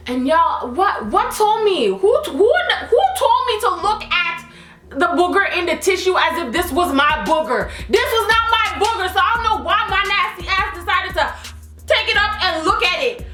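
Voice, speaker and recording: A young woman telling an animated, slangy storytime to her camera. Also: high voice, echoey room. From Canada. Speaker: vlogger.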